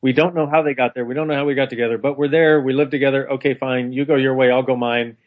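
A man telling a personal story in a casual, animated conversation, laughing often. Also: mid-range voice, fast. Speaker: co-host. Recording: dull lo-fi sound.

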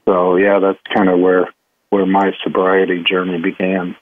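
A man telling a candid personal story as a guest, halting with many restarts and fillers. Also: deep voice, completely flat delivery, slight background noise. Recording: tinny phone line.

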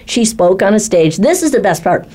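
A woman who coaches speakers and ghostwrites talks, telling a success story in a lively way and acting out the voices she quotes. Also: mid-range voice, moderate pace. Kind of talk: animated storytelling in a panel chat.

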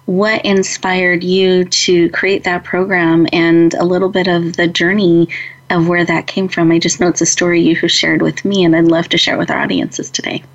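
A woman host who thanks her guest and asks warm, affirming questions. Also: on the low side, little pitch movement, normal speed, lo-fi sound. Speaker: interviewer, host. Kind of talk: interview.

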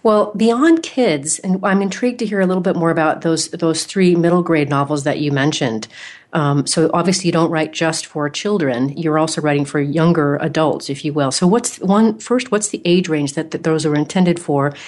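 A woman hosting an interview, telling a personal story in a lively, animated way. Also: low voice, moderate pace. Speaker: podcast host.

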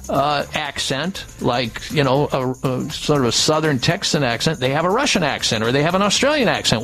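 A man's voice: on the high side, a bit bright. A man hosting a radio health show, reading ad copy and chatting about a medical story. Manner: reading ad copy, repeating phone numbers slowly. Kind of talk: radio talk with read ads.

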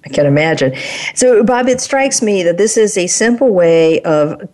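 A woman's voice: mid-range voice, expressive, moderate pace, darkish tone. A woman hosting an interview, affirming and summing up her guest's points. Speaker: interview host.

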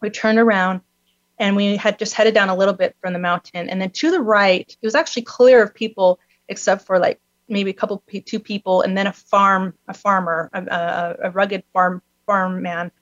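A woman's voice: moderate pace, dry recording. A woman telling a long personal story in conversation, acting out the people in it with raised voices. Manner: animated, acts out the people in her story with high-pitched voices. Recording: dull, dry lo-fi recording.

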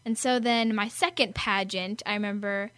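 A teenage girl from Arizona hosting a radio show, telling stories in a bubbly, animated way. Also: medium pitch, normal speed, slight background noise. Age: teens. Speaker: host. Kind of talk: casual radio chat.

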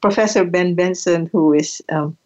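A low-voiced older woman shares personal reflections in a gentle, halting way, doubling back on her words and laughing softly now and then. The recording is muffled and lacks clarity. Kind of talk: reflective storytelling.

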